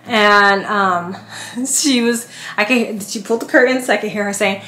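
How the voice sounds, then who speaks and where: A woman in her thirties, a family vlogger, telling a personal story casually to camera and acting out what people said. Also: normal speed. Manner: animated, acts out quotes with big pitch jumps. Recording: echoey room with faint music.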